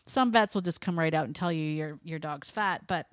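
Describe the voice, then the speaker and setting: A woman's voice: deep voice, normal speed, no room sound. Chatty woman dog trainer, dry sound. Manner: chatty and lively, laughs often. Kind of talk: casual instructional talk.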